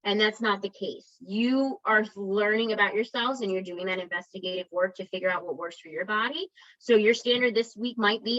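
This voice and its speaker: A woman's voice: medium pitch, moderate pace, hardly any pauses, fairly bright tone. Encouraging woman coach, muffled recording. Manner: conversational, encouraging, checks in with the audience often. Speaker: wellness coach. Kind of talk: motivational talk to an online group.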